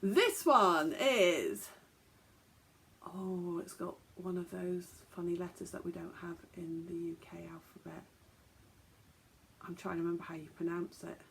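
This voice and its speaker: A woman's voice: fairly low pitch, measured pace, vocal fry, fairly bright tone. A woman hosting a podcast, chatting casually and joking at her own expense as she stumbles over foreign words. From England. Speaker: podcast host.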